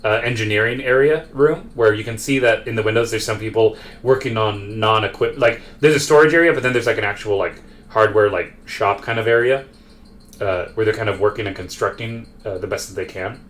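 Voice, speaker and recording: A man's voice: fairly low pitch, brisk, fairly bright tone. A man running a tabletop game as game master, narrating in a rambling way with many fillers.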